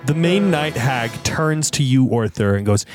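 A man's voice: mid-range voice, animated, unhurried, loud music behind the voice. A man narrating as game master in a tabletop game, playful and relishing the gross details.

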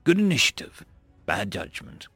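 A man's voice: fairly low pitch, wildly swooping pitch, normal speed, pushed and bright, slightly rough, no echo, soft background music, heavily acted. A man reading a supportive senior male Marine officer who argues in a reasoned, persuasive way.

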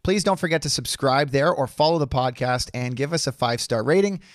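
A man co-hosting a political podcast, relaxed and dryly sarcastic. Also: mid-range voice, brisk, no room sound, clean studio sound. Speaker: podcast co-host. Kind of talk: casual political talk.

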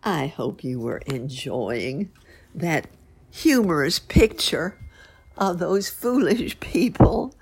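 A woman reading a folk tale aloud in a gentle, measured way. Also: a bass voice, vocal fry, husky. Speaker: storyteller. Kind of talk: storybook reading.

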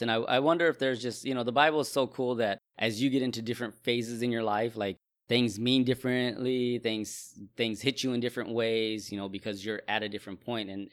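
A man's voice: fairly low pitch, a bit bright, no room sound. A man musing through a casual Bible discussion, thoughtful and prone to restarting his sentences. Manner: reflective, frequent restarts.

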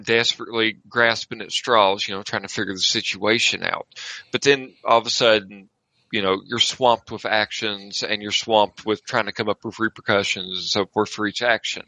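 A man in an easygoing gaming discussion, talking in a rambling way full of fillers. His voice is gravelly and bright with a fairly low pitch. The sound is dry and close. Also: no room sound, low-quality recording. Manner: rambling, with frequent filler phrases. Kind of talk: casual tabletop gaming discussion.

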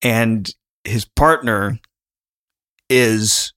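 A man's voice: lowish voice, drawn-out words, bright, forceful tone, smooth. A man co-hosting a casual podcast, talking in a chatty, rambling way and laughing often. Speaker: podcast co-host.

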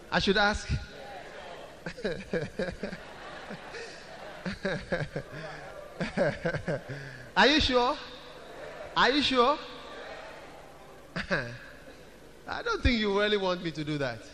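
High bright-voiced preacher in a reverberant hall. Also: male voice, a little hiss or hum. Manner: repetitive chanting of scripture phrases, rising to loud exhortation. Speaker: pastor. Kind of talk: sermon. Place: church.

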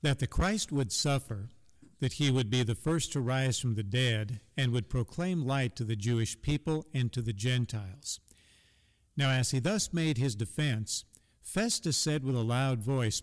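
A man's voice: mid-range voice, animated, a little slow, long reverb tail. A man co-hosting a conversational Bible discussion, reading scripture aloud and affirming his partner often. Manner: reads scripture aloud, gives frequent soft affirmations. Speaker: Bible study co-host.

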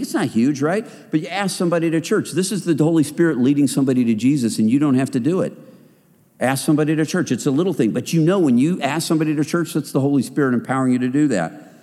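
A man's voice: a little high, mellow, big-room sound. A man giving a conversational sermon to a group of men, joking and acting out the voices in people's heads. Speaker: men's ministry speaker.

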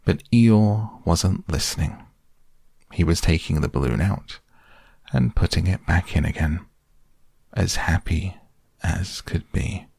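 A man reading a storybook aloud as narrator, slow and gentle. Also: deep voice, creaky, breathy edge, dry recording, studio quality.

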